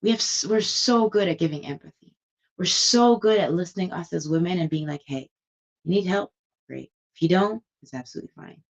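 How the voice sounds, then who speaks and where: A woman's voice: lowish voice, fairly quick. A young woman and stylist chatting casually to camera at home, rambling and enthusiastic. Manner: chatty, rambling, warm with customers. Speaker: vlogger and stylist.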